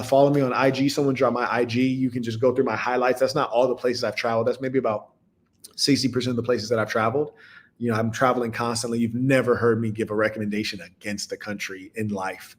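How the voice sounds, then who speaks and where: A man talks to his live audience in a loose, casual monologue as a podcast host. He speaks at a middle pitch and tells stories in an animated way, breaking into laughing asides. His delivery keeps shifting between hushed, slow stretches and loud, quick bursts.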